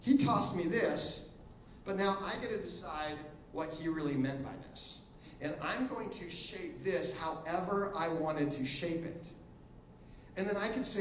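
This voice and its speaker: A man's voice: high voice, measured pace, reverberant, distant mic, a little hiss or hum, poor audio. A middle-aged man preaching as a guest pastor in a casual, joking sermon style, acting out little quotes as he goes. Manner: animated, joking, acts out quotes. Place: church auditorium.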